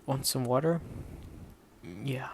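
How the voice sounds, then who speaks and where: A man reading an audiobook in a steady, measured way, voicing the dialogue quietly. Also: medium pitch, a little hiss or hum. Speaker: audiobook narrator. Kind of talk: scripted audiobook narration.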